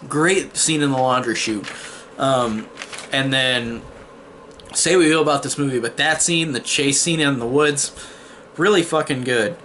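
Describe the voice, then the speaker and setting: A man's voice: medium pitch, unhurried, a bit bright, a little hiss or hum. A man giving a casual, rambling spoiler review of a horror film, swearing freely and filling his talk with "like" and restarts. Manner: rambling, profane, full of "like" and restarts. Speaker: movie reviewer.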